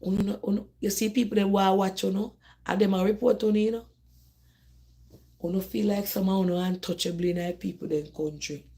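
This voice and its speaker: A woman's voice: mid-range voice, steady tone, brisk, warm tone. A middle-aged woman from Jamaica with a Jamaican accent, hosting a live phone stream and talking animatedly straight to her viewers, often repeating herself and restarting. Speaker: host of a live call-in discussion. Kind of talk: casual live-stream talk.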